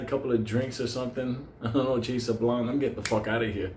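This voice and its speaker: A man's voice: medium pitch, fast, few pauses, a little mellow. A man telling a story casually, swearing constantly and chuckling between lines. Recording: roomy with faint background noise.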